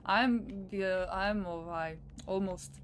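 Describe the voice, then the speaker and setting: A woman's voice: medium pitch, slow pace, a crowd in the background. A woman streaming a video game, chatting casually and thinking aloud as she plays, a little tired. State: slightly tired. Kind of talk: casual gameplay commentary.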